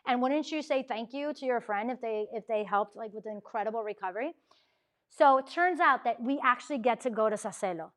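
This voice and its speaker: A woman speaks to a university ministry gathering, her voice sitting a little high. She tells her story with energy, acting out each voice she quotes and scattering "like" through her sentences. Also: fairly quick. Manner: animated, acts out quoted dialogue, frequent "like" fillers. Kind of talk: lively storytelling talk. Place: university talk room.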